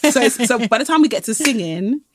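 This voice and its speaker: A woman singer chatting in an interview, telling stories in a lively way and acting out what other people said. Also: on the high side, quick pace, a little hiss or hum. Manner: animated storytelling, laughing, acts out quoted voices. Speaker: guest singer. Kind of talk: casual interview chat.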